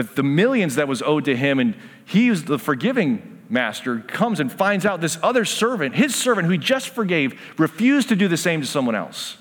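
Earnest male preacher in a reverberant hall. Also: on the high side. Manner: earnest, acts out the parable's voices. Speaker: pastor. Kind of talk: sermon.

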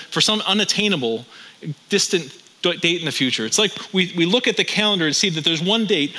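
A man's voice: fairly high pitch, sharp tone, rough recording. A pastor in his thirties preaching a sermon, mixing wry jokes with strings of rhetorical questions.

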